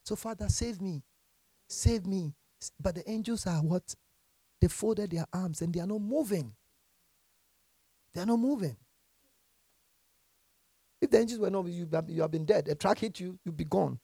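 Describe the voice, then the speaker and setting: A male pastor preaching with a gravelly, husky edge to his voice. His pitch leaps all over as he moves from soft asides to shouted calls, laughing along the way. The sound is close and dry, with no room around it. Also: moderate pace, pauses often, no room sound. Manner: animated, laughing often, swinging from quiet to shouting. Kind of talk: lively sermon with scripture reading.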